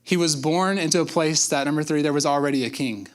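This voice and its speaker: A pastor with a slightly high voice talks fast, preaching a conversational sermon. He acts out quotes and repeats words for emphasis.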